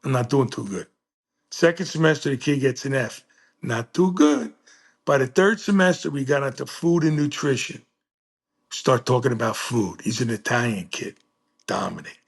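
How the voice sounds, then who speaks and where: A man's voice: lively intonation, normal speed, husky. An older man, a teacher and coach, telling classroom stories and acting out the dialogue in a jokey way. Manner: acts out dialogue with jumpy pitch, jokey. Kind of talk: animated storytelling.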